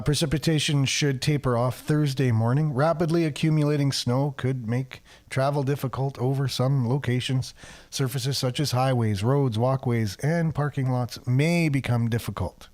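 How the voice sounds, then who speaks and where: A man's voice: mid-range voice, a little mellow. Chatty man hosting local talk radio. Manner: chatty, sarcastic asides, frequent fillers. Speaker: radio show host. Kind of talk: casual talk radio, reading a weather forecast.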